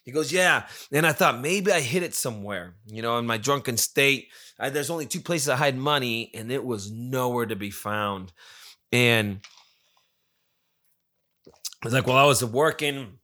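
A man telling a story in a loose, rambling way, swearing freely and stopping to correct himself when he loses the thread. He slips into quoting his friend as he goes. His voice is bright and forceful at a mid pitch. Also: normal speed. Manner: profane, rambling, acts out quoted friend. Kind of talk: casual storytelling.

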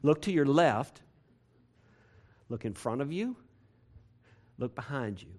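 A pastor preaching a sermon to his congregation in a church, repeating phrases and building to loud, emphatic peaks. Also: medium pitch, very animated, slow. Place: church sanctuary.

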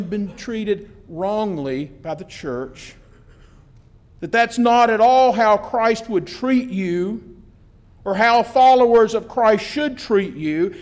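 High-voiced, slow-speaking male minister. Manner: gentle, earnest pastoral speaking. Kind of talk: sermon. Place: church.

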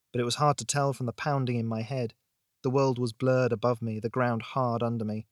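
A man hosting a fiction podcast, reading a tense horror story aloud in a dramatic, measured way. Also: mid-range voice, no echo, studio quality. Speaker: podcast host and narrator. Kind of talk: scripted audiobook narration.

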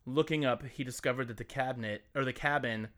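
A man's voice: medium pitch, brisk, a bit bright. A man co-hosting a podcast, reading a scary story and bantering in a joking, crude, playful way. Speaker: podcast co-host.

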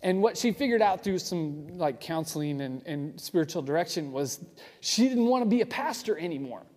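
A man preaching a sermon in a relaxed, conversational way, often asking the audience questions. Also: a little high, normal speed. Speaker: pastor. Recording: reverberant hall.

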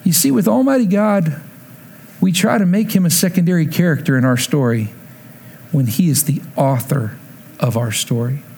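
A man in his forties, a pastor preaching a sermon, telling a personal story with animated quoted lines and dropping soft for reflection. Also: a little high, normal speed, creaky, husky.

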